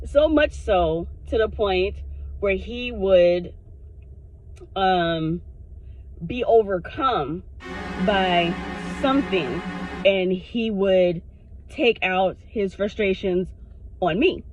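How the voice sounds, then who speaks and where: A woman vlogger telling a personal story to her camera in a frank, animated way, swearing freely. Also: mid-range voice, very slow, long pauses, dry recording, faint music behind. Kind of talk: casual storytime monologue. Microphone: self-recorded on camera. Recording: dull lo-fi sound.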